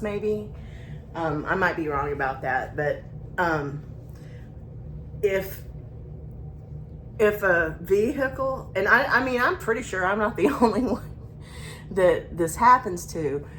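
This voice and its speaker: A woman's voice: on the low side, fairly bright tone, slight background noise. A woman in her forties with a Southern US accent, telling a casual confiding story with a rambling delivery and many restarts. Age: 40s. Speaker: vlogger.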